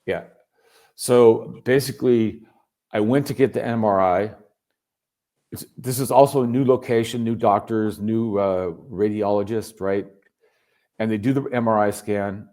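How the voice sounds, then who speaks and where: A man telling his story as a guest in a casual chat, animated and swearing freely. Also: on the low side, a little slow. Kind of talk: casual video call chat. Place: home in Berlin.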